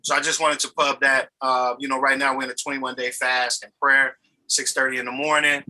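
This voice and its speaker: Fast-talking bright-voiced pastor. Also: male voice, mid-range voice, poor audio. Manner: animated, preacherly, repeats "you know what I'm saying". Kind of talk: casual chat.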